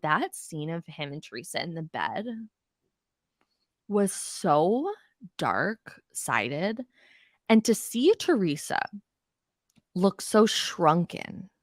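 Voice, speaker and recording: A woman's voice: fairly low pitch, dry recording, studio quality. A woman hosting a podcast, ranting bluntly and profanely in a casual recap of reality TV. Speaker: podcast host.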